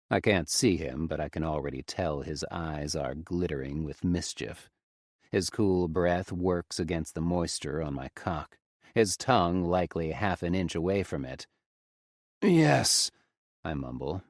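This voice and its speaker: Deep-voiced male audiobook narrator. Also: normal speed, a little mellow, no room sound, studio quality. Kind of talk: first-person audiobook narration.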